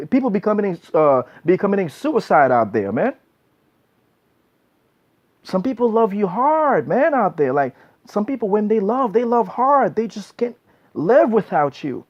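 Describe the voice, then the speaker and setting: A man's voice: sits high, darkish tone. Blunt, preachy man giving advice. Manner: blunt, preachy, repeats himself, says "man" a lot. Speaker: relationship advice vlogger. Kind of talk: casual monologue giving advice. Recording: dull lo-fi recording.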